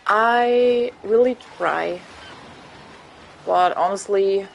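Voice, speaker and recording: A woman's voice: medium pitch, extremely slow, creaky, a little hiss or hum, low-quality recording. A woman with a German accent chatting casually while streaming a game, rambling and laughing often. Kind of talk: casual chat while gaming.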